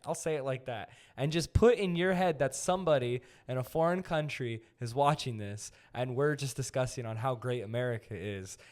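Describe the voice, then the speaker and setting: A young man hosting a podcast, chatting casually and telling a story with animated energy. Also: mid-range voice. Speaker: podcast host.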